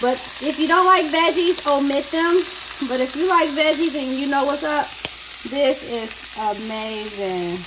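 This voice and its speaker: A woman's voice: high voice, measured pace, noisy background. A woman hosting a home cooking video, chatty and explaining each step as she cooks in her kitchen. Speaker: cooking show host. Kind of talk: casual cooking demonstration.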